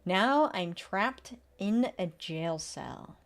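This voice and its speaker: A woman streaming a video game, talking casually and reacting with quick, animated remarks. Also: mid-range voice. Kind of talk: casual let's-play commentary.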